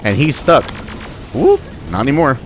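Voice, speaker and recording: A man's voice: mid-range voice, wildly swooping pitch, moderate pace, over music. A young man giving casual, joking commentary while playing a video game, chatting to the enemies on screen. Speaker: gameplay commentator. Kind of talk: casual let's-play commentary.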